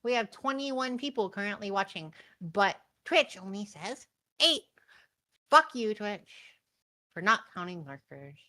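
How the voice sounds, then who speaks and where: A woman's voice: medium pitch, sing-song, a little slow, rough recording. A young woman streaming a co-op horror game, swearing and laughing often. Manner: loud, swearing, laughing a lot. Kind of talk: casual let's-play chat.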